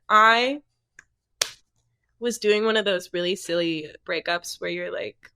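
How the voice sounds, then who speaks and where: A woman's voice: medium pitch, flat delivery, a little slow, pushed and bright, clear, resonant tone, dry recording. A young adult woman, a singer-songwriter guest, chatting casually on a podcast and rambling with lots of filler words.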